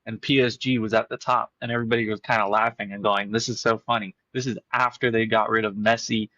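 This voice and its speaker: A man's voice: on the low side, steady tone, fast talker, sharp tone, dry recording. Man with a slightly dull lo-fi mic, musing. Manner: thoughtful, repeats words while forming a point. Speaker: podcast co-host. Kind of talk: casual football chat.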